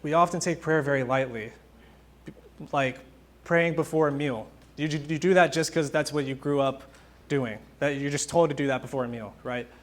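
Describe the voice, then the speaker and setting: Casual young preacher, slightly high voice. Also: male voice, normal speed. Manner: informal, animated storytelling with acted-out quotes. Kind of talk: casual conversational sermon.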